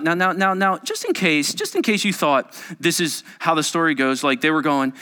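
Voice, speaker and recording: A male pastor preaching a sermon dramatically, moving between loud urgency and hushed near-whispers. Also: on the high side, sing-song, moderate pace, hardly any pauses, clear, resonant tone, long reverb tail.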